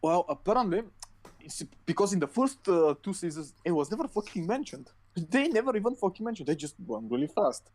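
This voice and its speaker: A man's voice: high-pitched, very animated, fairly quick, darkish tone, rough recording. Rambling, profane male podcast co-host. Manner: rambling, profane, lots of fillers and restarts. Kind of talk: casual chat.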